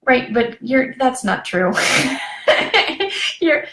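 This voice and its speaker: A woman relationship coach giving a chatty, animated live video training, laughing often and drifting into tangents. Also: high voice, drawn-out words. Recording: echoey room.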